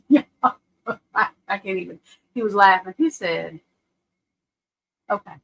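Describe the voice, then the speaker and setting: A woman hosting a live stream, giving casual true crime commentary in a blunt, profane, animated way and often laughing. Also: medium pitch, takes it slowly, creaky, slight background noise, rough recording. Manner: laughs often while telling stories. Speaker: livestream host. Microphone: webcam or desk mic on a live stream.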